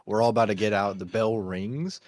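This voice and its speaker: A young man co-hosting a podcast, laid-back and quick to laugh, trailing off as he talks. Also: on the low side, a little mellow, dry recording. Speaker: podcast co-host. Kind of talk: casual chat.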